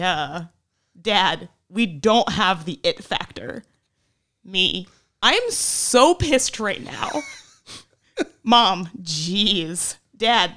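With a fairly high, bright voice and a forceful tone, a woman co-hosting a sports podcast reads out text messages in a comically exasperated, dramatic way, laughing and cursing throughout.

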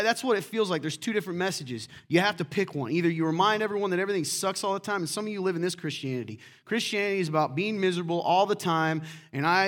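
A middle-aged man preaching a sermon as pastor, lively and acting out quoted voices. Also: on the high side.

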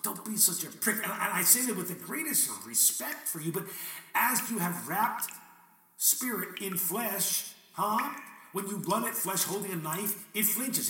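In a high, sharp voice, a man performs a dramatic spoken monologue addressed to God, theatrical and questioning, wry, with bursts of swearing. The room is echoey, the mic distant, and there's faint noise.

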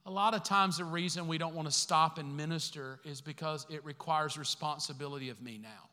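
A man's voice: on the high side, a little fast, bright, forceful tone. A man preaching a sermon as pastor, conversational and acting out the voices he quotes. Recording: long hall reverb.

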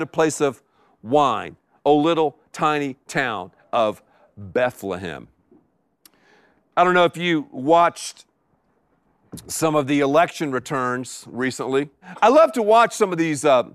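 A middle-aged man preaching in a high, lively voice that swings up and down, with slow deliberate pacing. He repeats key words for emphasis. The sound is dry and close. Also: clean tone, no room sound. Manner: animated preaching with emphatic repetition. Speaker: pastor. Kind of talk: sermon. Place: live before a congregation.

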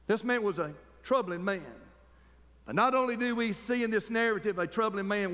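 A man's voice: high voice, fairly bright tone, long reverb tail, highs cut off. A man preaching a fervent sermon as pastor, calling for amens from the congregation.

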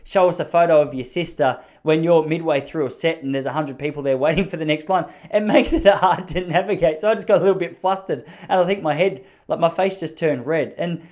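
A man's voice: a little high, a little fast, hardly any pauses, a little mellow. An Australian man hosting a podcast, telling meandering, self-mocking jokes in casual comedic chat. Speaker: podcast host.

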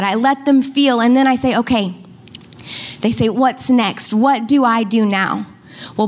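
A woman pastor preaching a sermon to a congregation, stretching key words for emphasis and speaking directly to her listeners. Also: fairly high pitch. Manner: addresses congregation directly, asks them to repeat. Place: church before a congregation.

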